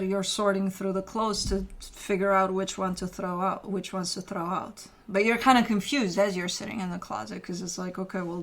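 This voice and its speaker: A woman's voice: medium pitch, fairly bright tone. Woman, tarot reader, casual chatty reading, rambling, lots of fillers.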